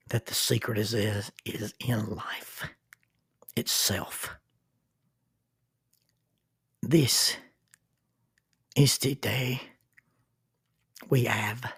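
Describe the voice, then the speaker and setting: A man in his sixties, a minister, hosting a reflective podcast in an earnest manner, dropping to soft near-whispers for emphasis. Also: lowish voice, gravelly, slightly rough, dry recording, studio quality.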